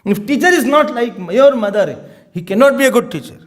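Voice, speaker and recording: A man giving a spiritual talk as a swami, teaching in an animated way and often breaking into laughter. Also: very high voice, a little fast. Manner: animated teaching, often laughing, mixing in Hindi and Sanskrit terms. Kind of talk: sermon.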